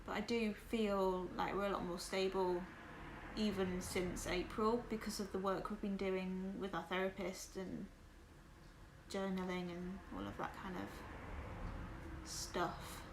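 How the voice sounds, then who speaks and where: A livestream host from West Yorkshire, England, talks casually with her stream viewers, candid and full of fillers, in a Southern English accent. Her mid-range voice is flat and measured in pace. The recording has room echo and background noise.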